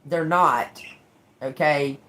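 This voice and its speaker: Woman tarot reader on a live stream, casual and encouraging, unhurried delivery, lowish voice, keeps checking in with "okay?". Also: steady tone, a bit bright, a little hiss or hum. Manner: repeats and restarts words often; joking and sarcastic asides with laughter.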